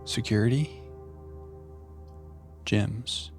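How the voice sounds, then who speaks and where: A man streaming a puzzle game live, chatting playfully with viewers and thinking out loud. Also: fairly low pitch, drawn-out words, soft background music. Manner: playful, chatting to viewers while musing aloud. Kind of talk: live gameplay commentary.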